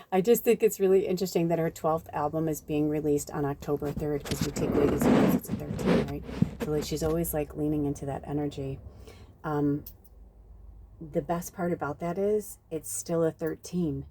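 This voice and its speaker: A woman's voice: low voice, mellow, a little hiss or hum. Chatty woman giving a spiritual reading. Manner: chatty, rambling, many fillers. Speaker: tarot reader. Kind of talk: channeled spiritual reading, casual talk. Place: outdoors at night.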